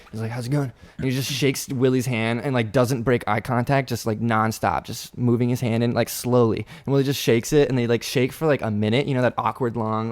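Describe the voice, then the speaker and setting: A young man co-hosting a podcast, telling a party story in casual chat and laughing often. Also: mid-range voice. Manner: animated, laughs while telling stories. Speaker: podcast co-host.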